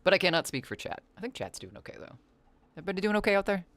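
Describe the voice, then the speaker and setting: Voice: medium pitch, sing-song, very fast, a bit bright. An adult game streamer chatting casually while playing, reading the chat aloud and answering it, with playful, rambling asides. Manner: playful wordplay and silly asides.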